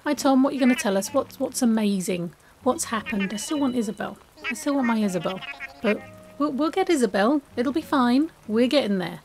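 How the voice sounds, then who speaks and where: An English woman giving chatty, excitable, self-mocking let's-play commentary as a gaming YouTuber. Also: on the high side, a little fast, faint music behind.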